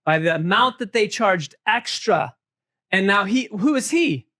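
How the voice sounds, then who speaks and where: A man leading a Bible study group, animated and joking, asking the room questions. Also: sits high, unhurried.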